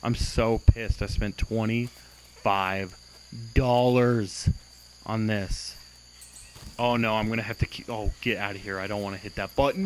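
A man's voice: fairly low pitch, steady tone, a little slow, slight background noise, low-quality recording. A young man giving casual, exasperated commentary on a game he is playing, swearing and mocking its glitches. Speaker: gameplay commentator.

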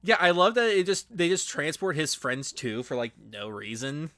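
A man's voice: fairly high pitch, sing-song, moderate pace, bright, forceful tone. A man co-hosting a podcast who answers with dry, sarcastic quips. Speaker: podcast co-host. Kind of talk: casual chat.

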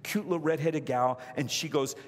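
A man's voice: a little high, moderate pace. A man preaching a storytelling sermon, acting out the voices of the people in his story. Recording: reverberant church hall.

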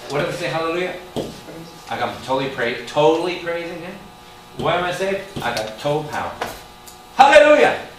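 A man preaching a Bible study in a church hall, animated and quizzing his listeners. He sounds distant from the mic, and the roomy space carries plenty of echo. A steady noise sits under his voice. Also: on the high side, brisk. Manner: animated, calls out questions to the room. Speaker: priest teaching Bible study. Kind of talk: lively preaching to a congregation.

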